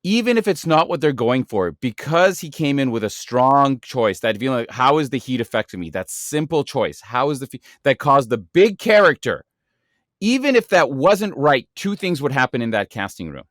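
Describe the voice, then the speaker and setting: A man's voice: mid-range voice, very animated, normal speed, fairly bright tone, no echo. Earnest man hosting an acting podcast, dry sound. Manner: earnest, encouraging, lesson-wrapping. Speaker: podcast host. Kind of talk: acting-coach podcast talk.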